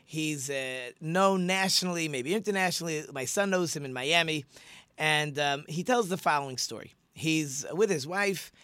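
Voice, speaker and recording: A man's voice: fairly high pitch, moderate pace, bright, forceful tone, clean tone, no room sound. A middle-aged man, a rabbi hosting a radio talk show, speaking in a chatty, conversational way with many fillers and restarts as he tells a story.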